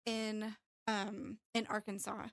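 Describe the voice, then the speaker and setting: A woman's voice: medium pitch, completely flat delivery, slow, no room sound, studio quality. A woman in her thirties telling a personal story candidly in casual chat, with plenty of fillers. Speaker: podcast co-host.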